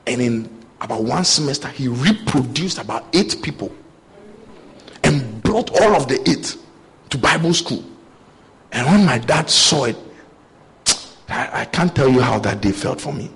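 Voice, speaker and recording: A young man with a medium-pitched, breathy voice preaches, weaving in stories from his own life. He tells them with animation, acting out the voices on both sides of the dialogues.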